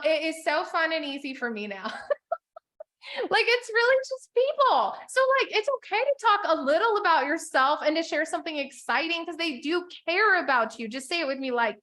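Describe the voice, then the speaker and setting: A woman's voice: high voice, lively intonation, fairly quick, sharp tone. A woman business coach teaching a live group in a chatty, upbeat way, with lots of "like"s and frequent laughs. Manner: chatty, upbeat, filler-heavy with many "like"s.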